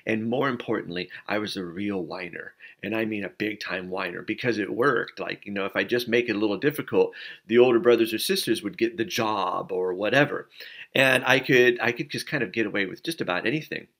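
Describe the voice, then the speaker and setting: A man's voice: fairly low pitch, a bit bright. A middle-aged man, a pastor, giving an informal sermon as a story with many fillers and restarts. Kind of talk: conversational sermon.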